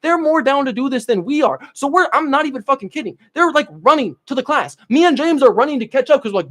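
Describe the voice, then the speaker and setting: A man's voice: very high voice, animated, fast talker, hardly any pauses, a bit bright. A young man on a casual livestream, telling stories and answering chat in a profane, rambling way that often trails off into mumbles. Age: young adult.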